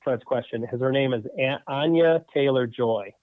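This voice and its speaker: A man's voice: medium pitch, moderate pace, dry recording. A middle-aged man co-hosting a casual podcast, enthusiastic and prone to repeating himself. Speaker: podcast co-host. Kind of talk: casual chat. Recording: dull dry audio.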